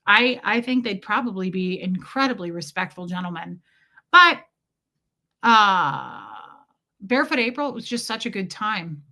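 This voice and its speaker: A woman's voice: mid-range voice, expressive, a little slow, bright, forceful tone. A woman hosting a casual livestream, telling a story bluntly and with profanity while greeting viewers by name. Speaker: livestream host.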